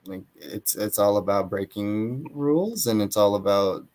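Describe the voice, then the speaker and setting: A man's voice: on the low side, sing-song, a little slow, gravelly, a little mellow. A young man from Atlanta, Georgia, losing his voice, talking thoughtfully in an interview as an author guest, with many fillers and hedges. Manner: thoughtful, hedging, frequent fillers. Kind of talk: casual interview talk.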